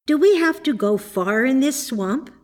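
A woman's voice: high-pitched, animated, measured pace, pitched above the performer's own voice. A woman voicing an earnest young girl in a storybook, speaking in a raised, eager and insistent voice.

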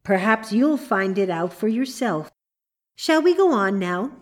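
A woman's voice: medium pitch, expressive, unhurried, lightly acted. Woman reading a dry, teasing dream spirit.

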